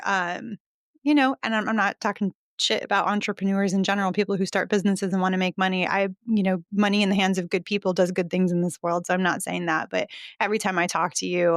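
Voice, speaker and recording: An enthusiastic woman hosts a podcast, gushing as she chats and reads an ad. Her voice sits at an ordinary pitch for a woman. The sound is dry and close, with no room echo. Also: fairly even intonation, fast. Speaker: podcast host. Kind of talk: casual interview chat with ad read.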